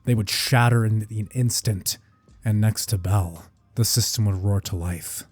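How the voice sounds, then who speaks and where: A man's voice: fairly low pitch, a little slow, darkish tone, husky, dry recording. A man narrating a fan-made action story with dramatic, intense delivery. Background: faint music.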